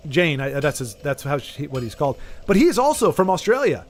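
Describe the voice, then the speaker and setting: Faint music sits behind a very animated, brisk man with a fairly high pitch and a Southern Texan accent. He chats casually to viewers during a game stream, rambling, trailing off mid-thought and restarting sentences.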